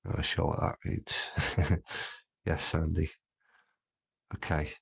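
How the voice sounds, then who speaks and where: A man's voice: very deep voice, little pitch movement, slow pace, vocal fry, a bit bright, slightly rough. A man from Birkenhead with a Scouse accent, hosting a casual livestream and chatting through comments with easy laughs. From Birkenhead, England. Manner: chatty, laughs easily, frequent restarts. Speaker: livestream host. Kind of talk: casual live chat reading comments.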